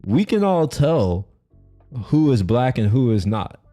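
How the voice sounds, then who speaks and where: A man's voice: mid-range voice, very animated, slow, mellow, faint music behind. A man streaming as he reacts to a video, rambling casually with lots of restarts and frequent laughter. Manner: rambling, many fillers and restarts, laughs often.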